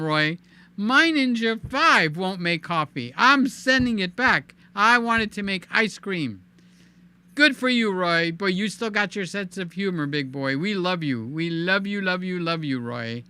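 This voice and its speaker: A man hosting a live stream in casual, animated chat, cooing in baby talk and reading viewer comments aloud. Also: high-pitched, smooth. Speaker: livestream host.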